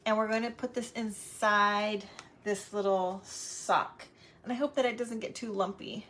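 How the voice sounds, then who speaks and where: A middle-aged woman hosting a live crafting stream, chatting warmly and greeting viewers by name as she works. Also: mid-range voice, steady tone, a little slow. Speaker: crafting livestream host.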